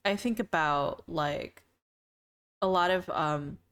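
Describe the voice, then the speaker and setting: A woman's voice: sits low, slow pace, fairly bright tone, clean tone. A woman streamer in casual live-stream chat with viewers, playful and teasing, laughing often between remarks.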